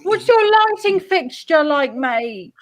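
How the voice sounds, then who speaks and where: A woman putting on a foul-mouthed male celebrity chef, shouting British insults in a comedy roast. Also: very high voice, sing-song, slow, pitched below the performer's own voice, exaggerated voice. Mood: ranting.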